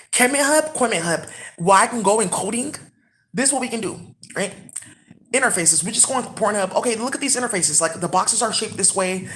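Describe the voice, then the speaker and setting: A woman giving a rambling, profane monologue with sudden loud exclamations. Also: medium pitch.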